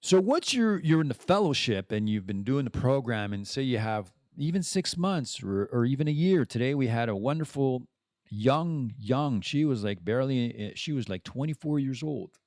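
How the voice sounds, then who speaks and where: A man's voice: mid-range voice, expressive, normal speed, darkish tone, dry recording, studio quality. A man hosting a podcast, talking in a rambling, casual monologue full of restarts and the odd swear word. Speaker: podcast host.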